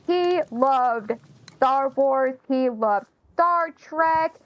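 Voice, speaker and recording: A woman's voice: high voice, expressive, drawn-out words, highs cut off. A young adult woman, a freelance voice actress, chatting animatedly on a voice call. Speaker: freelance voice actress, stream host. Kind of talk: casual voice chat.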